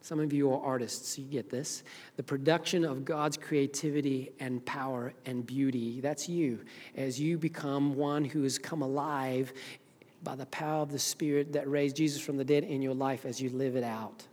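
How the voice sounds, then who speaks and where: A middle-aged man with a Zimbabwean accent preaching a sermon as pastor, moving between loud, fervent preaching and quiet, earnest talk. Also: mid-range voice, steady tone, normal speed. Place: church sanctuary. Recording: long reverb of a church hall.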